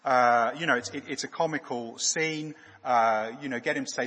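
A man preaching a sermon in a halting way, with frequent fillers and restarts. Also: medium pitch, fairly bright tone, long reverb tail.

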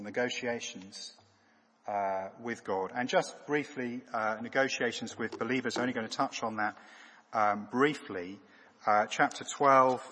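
Husky preacher man in a reverberant church. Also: mid-range voice, bright, forceful tone. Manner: halting, with frequent fillers and restarts. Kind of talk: sermon.

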